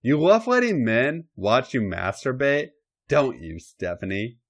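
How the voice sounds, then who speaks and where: A man voicing a commanding, sinister dark lord in a comedic erotic story reading, giving slow, domineering orders. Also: medium pitch, big pitch swings, pitched above the performer's own voice.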